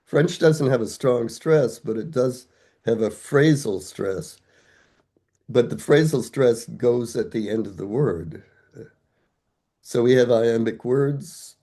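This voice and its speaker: A man's voice: medium pitch, slow pace, dark tone. An older man, a guest scholar, explaining ideas step by step in a thoughtful, conversational academic way, asking himself rhetorical questions.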